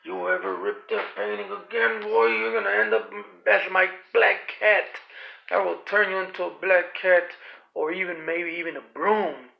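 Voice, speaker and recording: A man's voice: sits high, steady tone, measured pace, gravelly, muffled recording, voice pushed up, full character voice. A man voicing a mysterious, vengeful, witch-like old woman who makes menacing threats.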